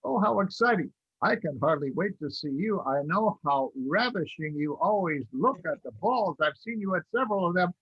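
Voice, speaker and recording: Excitable guy cohosting a talk show, voice bouncing all over, kinda husky, dull lo-fi sound. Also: high voice, dry recording. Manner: effusive, spells out addresses slowly. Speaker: co-host. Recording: dull lo-fi recording, dry.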